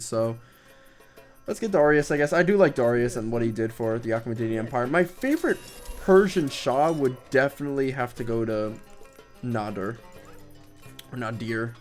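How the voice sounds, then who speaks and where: A man's voice: mid-range voice, animated, normal speed. A man giving casual, rambling commentary over his strategy game, swearing now and then, with game music behind him. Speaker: gameplay commentator.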